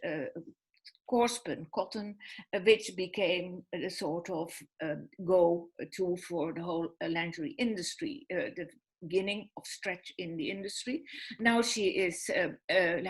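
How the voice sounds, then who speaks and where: A woman's voice: mid-range voice, breathy edge. A woman hosting an online panel webinar, speaking hesitantly with many fillers and restarts. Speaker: webinar host.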